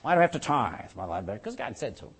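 An older man preaching a sermon as pastor, animated and joking, with rhetorical questions to his congregation. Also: lowish voice, quick pace, husky.

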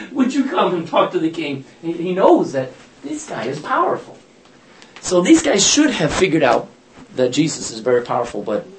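With slight background noise, a man with a fairly high-pitched voice runs a casual Bible study. He tells the stories in an animated, chatty way, performing the lines, laughing and fixing his own slips along the way.

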